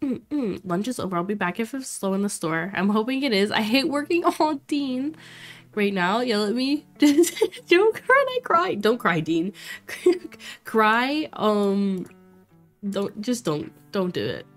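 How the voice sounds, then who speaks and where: Young female streamer, casual and chatty, laughs easily, mid-pitched, faint music bed. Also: animated, measured pace. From Florida. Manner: chatty, reacts loudly, laughs often, talks to chat. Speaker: streamer playing a life sim game.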